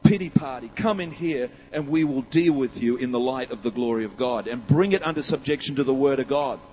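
A man's voice: medium pitch, a little fast, a little mellow, breathy edge. A man preaching a sermon, emphatic and rousing, with many rhetorical questions. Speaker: pastor. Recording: long hall reverb.

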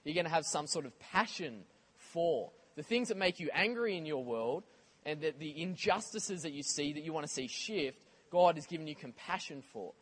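A man preaching a sermon in a conversational, animated way, with casual asides to the congregation. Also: a little high, normal speed.

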